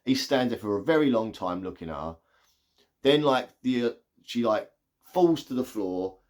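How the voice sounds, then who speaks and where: A man giving a casual, excitable spoiler review of a movie, retelling scenes with lots of "like". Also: medium pitch, moderate pace. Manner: chatty, excitable retelling full of "like".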